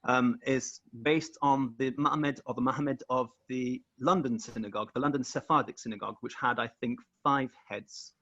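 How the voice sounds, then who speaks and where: A husky-voiced man talking over a video call, his voice dull and lo-fi. He explains slowly and carefully and often repeats words as he goes. He sits at a middling pitch. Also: steady tone, pushed and bright. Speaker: guest researcher. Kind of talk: explanatory talk over screen share.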